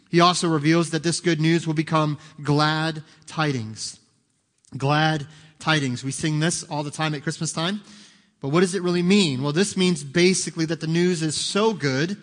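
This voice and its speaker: A man preaching a sermon as pastor, emphatic, swinging from soft, quiet asides to loud, high climaxes. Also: big-room sound.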